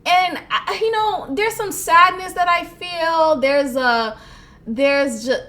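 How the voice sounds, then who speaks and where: High bright-voiced woman venting candidly. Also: takes it slowly. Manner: emotional, laughing, frank and profane, many restarts. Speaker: podcast host. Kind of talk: candid solo podcast monologue.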